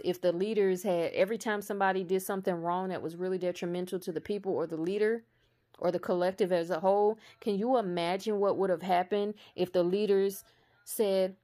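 A woman with a somewhat low voice delivers a casual spiritual monologue to her viewers. She is blunt and preachy, swears freely, and drives her points home slowly and emphatically. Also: a little mellow. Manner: slow emphatic delivery that builds to raised intensity.

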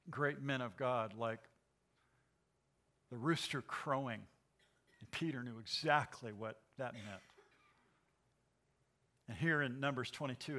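An older man preaching a sermon, retelling a Bible story in an animated way and chuckling often. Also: medium pitch. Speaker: pastor.

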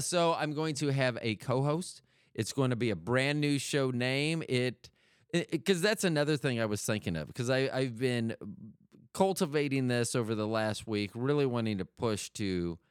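A middle-aged man talks his way through a loose podcast monologue, jumping up and down in pitch as he jokes and restarts his sentences. His voice is smooth and resonant, recorded close and dry. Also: expressive, measured pace, no echo. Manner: rambling, self-interrupting, jokey. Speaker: podcast host.

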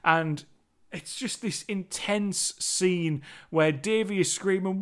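A man's voice: high voice, slow pace, fairly bright tone. A man recapping a film scene in a casual, emphatic, sweary way, often repeating himself. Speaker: movie reviewer.

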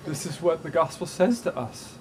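A male pastor preaching a sermon to a congregation, animated and playful, acting out the voices in his stories. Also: fairly high pitch, moderate pace, noisy background. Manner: animated, acts out quoted voices with humor. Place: church stage before a congregation.

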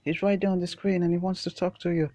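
A frantic government secretary, put on by a man, bursts in with a high, strained cry. He stammers and rushes. The comic sketch plays the alarm loud and thin. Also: level tone, natural voice. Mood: panicked. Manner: shrill, breathless alarm, stammering.

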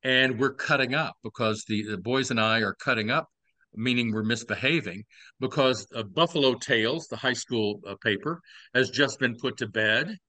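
A man's voice: mid-range voice, normal speed, sharp tone, no echo. A man in his sixties from Texas with a Southern accent, telling old stories on a podcast with wry, playful asides. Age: 60s. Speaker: podcast host. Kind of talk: casual storytelling chat.

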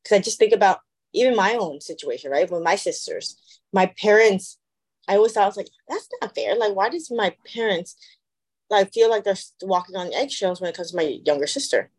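A podcast co-host chats casually in a medium-pitched, slightly breathy voice, talking a little fast. She tells stories with animation and acts out the people she quotes.

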